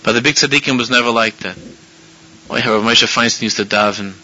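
A man, a rabbi, giving a sermon full of animated storytelling with frequent restarts, in a dull lo-fi recording. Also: mid-range voice, a little fast.

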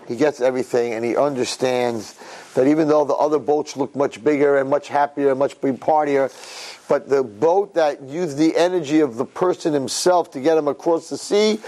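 A man giving an inspirational religious talk on a recorded message. He tells a parable with lively swings between hushed and excited delivery. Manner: animated storyteller, swings between low and excited. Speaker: Jewish religious speaker. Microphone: recorded tape message.

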